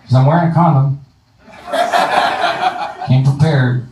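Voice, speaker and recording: A man doing a stand-up comedy set in a club, delivering deadpan punchlines and casual crowd work. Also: mid-range voice, measured pace, loud music behind the voice. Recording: roomy live room, distant mic, faint noise.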